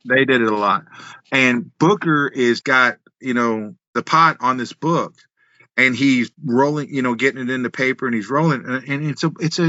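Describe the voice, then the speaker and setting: Bright-voiced man telling wrestling stories. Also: mid-range voice, dry recording, dull audio. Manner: animated, laughing, swears freely. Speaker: wrestling guest. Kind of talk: casual storytelling.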